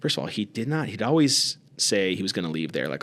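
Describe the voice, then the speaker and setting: A man co-hosting a podcast, telling stories in casual conversation and acting out quoted voices by raising his pitch. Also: fast. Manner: relaxed, acts out quoted voices with raised pitch. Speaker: podcast co-host.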